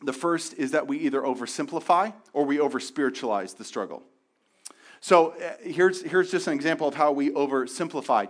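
Man preaching in a halting, candid way. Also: a little high, lively intonation. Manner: candid and halting, with frequent restarts and repeated words. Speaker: pastor. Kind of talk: sermon.

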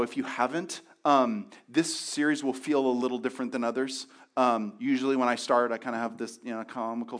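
A man who is a pastor, giving a sermon candidly, with frequent restarts and repeated words. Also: mid-range voice.

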